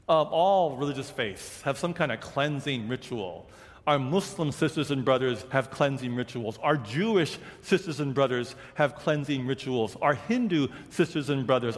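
A man preaching a sermon in a conversational, animated way, slowing down for quoted scripture. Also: medium pitch. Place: large church sanctuary. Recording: long reverb of a big hall.

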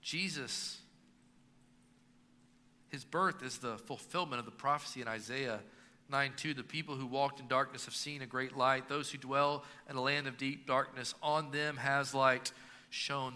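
Bright-voiced preacher in a reverberant hall. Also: male voice, on the high side. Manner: preaching with emphatic rising and dropping delivery. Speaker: pastor. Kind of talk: sermon. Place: church sanctuary. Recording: long reverb of a church hall.

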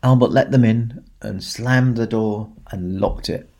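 A man telling a children's story in a gentle, expressive way, with dramatic pauses. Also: fairly low pitch. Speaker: storyteller in a Santa persona.

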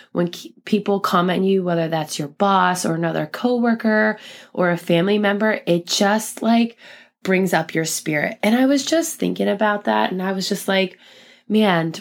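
A woman's voice: lowish voice, creaky. A woman in her thirties, a mother and PE teacher, casually telling a personal story with many asides and quoted thoughts. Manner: chatty, lots of "like" and quoted inner thoughts. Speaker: podcast host, mother and PE teacher.

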